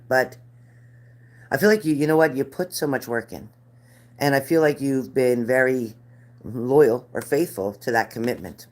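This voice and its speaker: A middle-aged woman reading spirit cards live for viewers, chatty and earnest, repeating their names. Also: extremely low pitch. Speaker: card reader.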